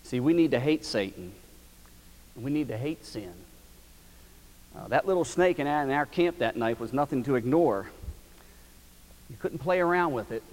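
A man's voice: mid-range voice, expressive, moderate pace, pauses often, in a large hall, rough recording. A man preaching a sermon as pastor, telling stories in a folksy, emphatic way.

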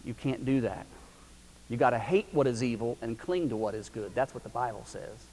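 A middle-aged man preaching a sermon, telling a family story in a folksy, animated way that swings from loud preaching to hushed, quiet telling. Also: medium pitch, moderate pace. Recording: reverberant hall with faint hiss.

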